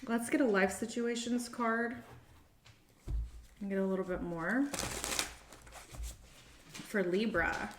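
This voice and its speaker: A woman's voice: medium pitch, slow, long pauses, background noise. A middle-aged woman talks through a tarot spread in a loose, chatty way, musing aloud as she goes. The room around her gives her voice a noticeable echo. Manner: chatty and meandering, thinking aloud. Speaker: tarot reader. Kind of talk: casual tarot reading to camera. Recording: roomy echo.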